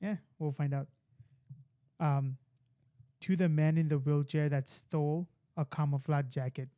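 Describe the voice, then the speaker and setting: Mellow man telling dad jokes. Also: on the high side, steady tone, measured pace, long pauses, smooth. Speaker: podcast co-host. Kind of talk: casual chat.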